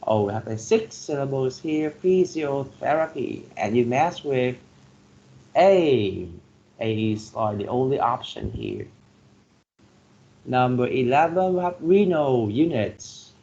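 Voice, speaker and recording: Guy teaching class, slow and gravelly, keeps saying okay, muffled lo-fi recording with a little hiss. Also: mid-range voice, a little mellow. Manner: slow, repeats words to drill pronunciation; filler-heavy, says "like" and "okay" often. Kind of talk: classroom lesson on word stress. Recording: dull lo-fi classroom recording with faint noise.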